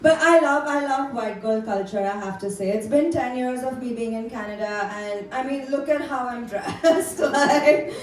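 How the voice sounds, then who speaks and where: A woman's voice: high voice, normal speed, few pauses, slight background noise. Bubbly young woman doing stand-up. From India. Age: young adult. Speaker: stand-up comedian. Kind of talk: stand-up set. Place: comedy club basement. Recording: echoey room from far off.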